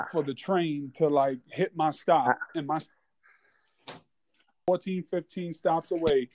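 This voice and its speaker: A young man from New York, hosting a casual chat and telling a story in a relaxed way, with many "like"s. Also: on the high side. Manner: laid-back, filler-heavy, many "like"s. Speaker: host.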